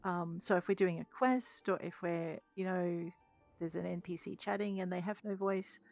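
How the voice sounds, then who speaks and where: A woman's voice: lowish voice, fairly even intonation, normal speed, a little mellow. Giggly woman streamer chatting while she plays, dry slightly muffled mic, faint game music. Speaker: streamer playing a video game. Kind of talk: casual live-stream commentary.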